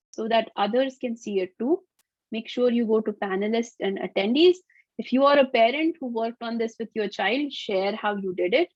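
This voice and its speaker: Woman webinar presenter, bright higher voice, upbeat teacher, dry lo-fi call audio. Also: dry recording. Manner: upbeat, explanatory, playful. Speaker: webinar presenter on auditory skills. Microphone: computer mic on video call.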